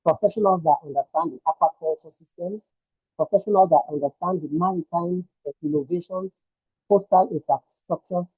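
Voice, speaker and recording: A man's voice: high voice, moderate pace, breathy edge, no echo. Emphatic man on a muffled call. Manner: emphatic, repeats points with rhetorical questions. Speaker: senior lecturer and researcher. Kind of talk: online panel discussion. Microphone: video call.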